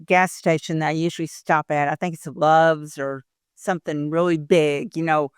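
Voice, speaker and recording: A woman's voice: sits low, normal speed, smooth, no echo, studio quality. An older woman, a podcast guest, chatting casually and acting out the voices in her stories. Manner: animated storyteller, acts out the voices in her stories. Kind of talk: casual interview chat.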